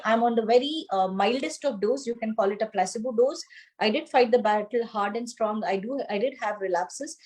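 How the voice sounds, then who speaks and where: A middle-aged woman speaks over a video call in a slightly high voice. She tells her story earnestly, halting and restarting her sentences as she goes. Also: darkish tone, poor audio. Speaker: guest.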